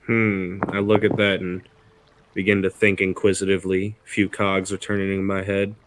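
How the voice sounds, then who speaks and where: A man playing a tabletop game, describing his character's actions in slow, dry in-character talk. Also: deep voice, monotone, slight background noise. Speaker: player. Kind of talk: tabletop role-play.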